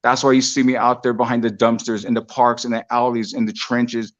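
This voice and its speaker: A man's voice: medium pitch, flat delivery, fairly quick, highs cut off. A man telling his conversion story as a street preacher, earnest and preacherly, repeating phrases for emphasis. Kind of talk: testimony storytelling.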